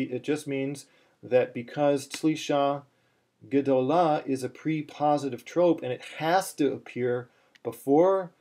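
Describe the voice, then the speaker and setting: A man talks through a chanting lesson at an unhurried pace, patient and plain. He stops often to restart his sentences, then slips into short sung phrases. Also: medium pitch, mellow. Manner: patient, plain explaining with many fillers and restarts, breaking into chant. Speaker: cantillation teacher.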